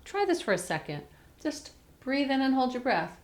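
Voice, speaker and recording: A woman voice teacher giving a chatty singing lesson, breaking into sung warm-up vowels to demonstrate. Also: high-pitched, sing-song, moderate pace. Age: older. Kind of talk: vocal lesson to camera.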